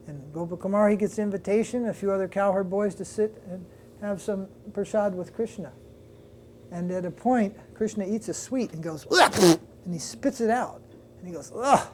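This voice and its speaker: Older male swami, mellow tone, storytelling sermon style, faint room hum behind. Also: high-pitched. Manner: lively retelling with quoted voices, pauses to recall details. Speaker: swami giving a religious class. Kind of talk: devotional storytelling lecture.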